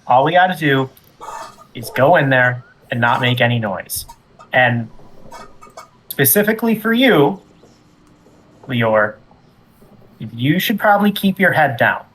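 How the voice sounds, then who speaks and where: A man speaking in character at a tabletop game, breezy and smooth-talking, with a lively, swooping voice. A faint hiss sits under him. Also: medium pitch, rough recording. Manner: breezy, persuasive, drawling. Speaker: player. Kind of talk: in-character tabletop role-play.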